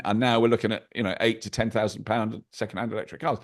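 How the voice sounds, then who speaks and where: An older man, a podcast guest chatting over a video call, animated and anecdotal with wry asides. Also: medium pitch, fast talker. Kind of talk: casual interview chat.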